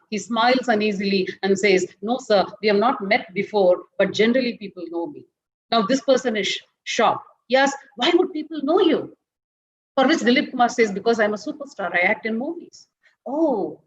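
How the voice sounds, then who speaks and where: A woman with an Indian English accent, giving a webinar lecture and telling a long anecdote in a lively, repetitive way. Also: on the high side, lo-fi sound. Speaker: webinar speaker. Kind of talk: storytelling lecture.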